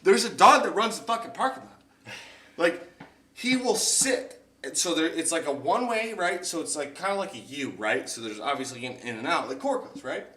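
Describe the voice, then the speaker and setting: A man's voice: a little high, moderate pace, far from the mic. A young man hosting a podcast, telling a long profane story and acting out other people's voices as he goes. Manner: animated, profane storyteller who acts out other people's lines. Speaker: podcast host. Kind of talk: casual storytelling chat. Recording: echoey room, slightly off-mic.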